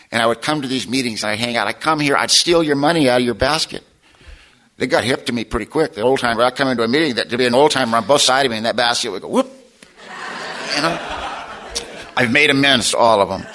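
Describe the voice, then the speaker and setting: A man sharing his life story at a recovery meeting, a streetwise, slangy storyteller with rough, self-mocking humor. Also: mid-range voice, sharp tone. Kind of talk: personal testimony to an audience.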